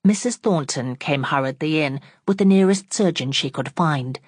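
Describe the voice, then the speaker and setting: Low-voiced woman narrating an audiobook. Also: moderate pace, few pauses, no echo, clean studio sound. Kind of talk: scripted narration.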